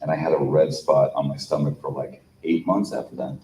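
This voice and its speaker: Very deep-voiced man on a panel. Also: fairly even intonation, brisk, warm tone, recorded from a distance. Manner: rambling, many fillers and restarts. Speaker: panel guest. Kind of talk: casual storytelling on a convention panel. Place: convention panel room. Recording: echoey room from off-mic with faint hum.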